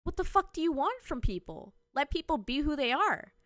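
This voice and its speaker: A woman's voice: high voice, sing-song, moderate pace, fairly bright tone, no room sound, studio quality. A woman hosting a gaming commentary show, reacting to clips in an exasperated, profanity-laced rant. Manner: exasperated, sweary ranting.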